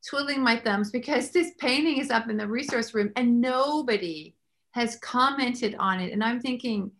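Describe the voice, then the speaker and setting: A woman hosts a faith-based talk show with a bright, slightly high voice. She tells stories with lively energy and prays aloud with conviction. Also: normal speed. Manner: animated storyteller, prays aloud. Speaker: host.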